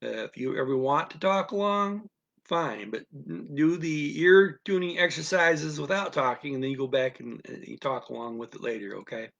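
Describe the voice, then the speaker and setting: This language teacher's voice sits on the high side, gravelly yet fairly bright, and the recording sounds muffled. Teaching a listening lesson over a live stream, he takes it slow, repeats himself patiently, and keeps asking "okay?"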